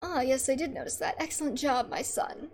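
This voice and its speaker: A woman's voice: sits high, expressive, fairly quick, darkish tone. A woman doing a proud ruthless mother. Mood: indulgent.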